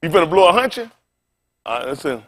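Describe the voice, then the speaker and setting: A man's voice: on the high side, very animated, quick pace, heavy background noise. A male pastor preaching an informal sermon, folksy and colloquial, telling stories and quizzing the congregation.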